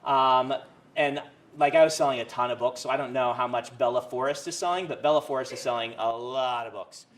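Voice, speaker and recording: A man's voice: medium pitch, brisk. A man giving a casual university writing lecture, rambling with lots of fillers and restarts. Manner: rambling, many fillers and self-corrections.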